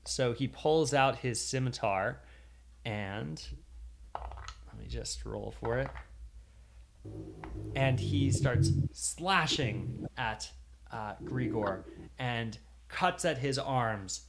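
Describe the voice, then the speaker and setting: A man's voice: medium pitch, very slow, gravelly, pauses often, very noisy. Rambling man game master. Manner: rambling, hesitant with many fillers. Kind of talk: narrating a tabletop game on a stream.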